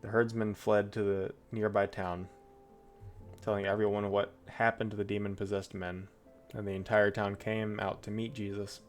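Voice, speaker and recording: A man's voice: fairly low pitch, little pitch movement, normal speed, faint music behind. A man streaming, reading Bible passages aloud and breaking off into chatty, loose asides. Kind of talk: casual Bible reading with commentary.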